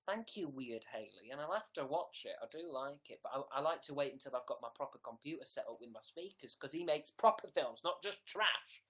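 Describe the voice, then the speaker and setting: A man's voice: medium pitch, lively intonation, fairly quick, few pauses. Playful young man on a livestream. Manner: silly, playful. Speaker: livestream host. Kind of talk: casual livestream chat reading comments.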